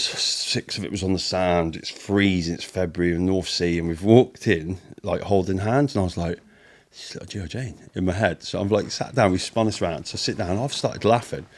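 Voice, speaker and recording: A low-pitched man from Britain talks casually as a podcast guest. He tells long stories, swears freely and slips into the voices of the people in them. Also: fairly quick. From United Kingdom. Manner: swears often, storytelling, acts out quotes. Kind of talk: casual chat.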